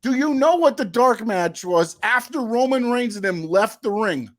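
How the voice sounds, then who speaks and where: A man co-hosting a casual wrestling podcast, skeptical and argumentative, firing back quick questions. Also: very high voice, lively intonation. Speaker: co-host.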